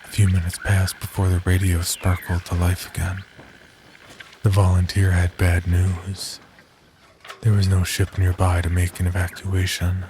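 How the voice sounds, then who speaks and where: A man narrating a horror story in a measured, scripted storytelling manner. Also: low-pitched, monotone, noisy background.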